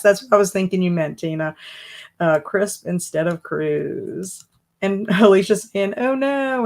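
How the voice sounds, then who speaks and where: A woman hosting a casual live stream from her home office, chatting and answering viewer comments as they come in. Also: mid-range voice. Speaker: booktube live stream host.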